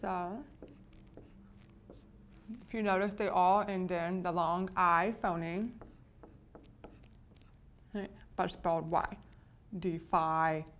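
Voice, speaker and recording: A woman teacher explaining phonics spelling patterns, often checking in with "right?". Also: fairly low pitch. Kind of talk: phonics lecture.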